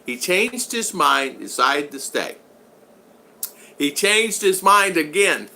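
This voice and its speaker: This older vlogger from the United States chats casually on a livestream, telling meandering stories and responding to viewers' comments, full of restarts and filler words. He speaks slowly in a slightly high, sing-song voice that's gravelly yet bright and forceful, with faint hiss or hum behind it.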